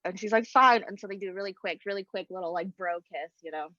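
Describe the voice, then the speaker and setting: A woman's voice: on the low side, fairly even intonation, fast talker, no room sound. A woman improvising a story in a game with casual, giggly narration, over slightly muffled audio. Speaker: player.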